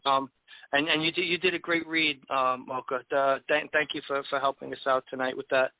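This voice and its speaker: Halting man hosting over a tinny line. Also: medium pitch, steady tone, dry recording. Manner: halting, with many repeated words and fillers. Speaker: host. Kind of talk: casual chat.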